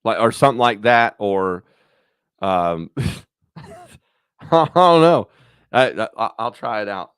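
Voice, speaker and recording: Low-voiced guy rambling on his vlog, swears a lot, dry close sound. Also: expressive, slow pace, long pauses, a bit bright, clear, resonant tone, no room sound. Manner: rambling and profane, thinking aloud. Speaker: YouTube channel host. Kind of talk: casual rambling vlog chat.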